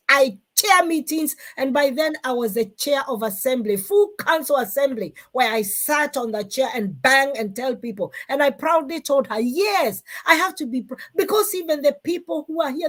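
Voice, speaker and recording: A woman's voice: sits high, normal speed, hardly any pauses. Emphatic Kenyan woman hosting a live show. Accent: Kikuyu Kenyan. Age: middle-aged. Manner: animated, emphatic. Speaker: host. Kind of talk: live-streamed talk show chat.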